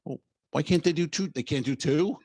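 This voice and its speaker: A man's voice: a little high, moderate pace, slightly rough, no echo. A man who is a comedian and podcast host, telling stories in a casual chat, swearing and acting out dialogue. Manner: animated storyteller, swearing, acts out dialogue.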